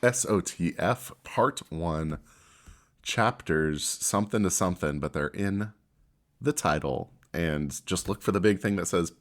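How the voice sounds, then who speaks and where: A young man co-hosting a casual podcast, reading silly fanfic aloud in a deadpan dramatic way and breaking into laughter. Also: sits low, a little slow. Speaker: podcast co-host.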